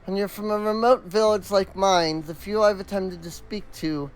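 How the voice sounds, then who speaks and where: A man's voice: high-pitched, fairly even intonation, moderate pace, clean tone, faint music behind, lightly acted, rough recording. A man voicing an earnest young woman hunter from a remote village, polite and with a put-on accent.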